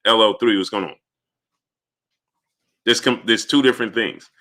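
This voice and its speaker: A man's voice: lowish voice, pushed and bright. A man hosting a livestream, reading out chat names and arguing heatedly with viewers in a lecturing tone. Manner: rapid greetings to chat names between rants. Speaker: livestream host answering chat. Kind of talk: live-stream commentary reading chat.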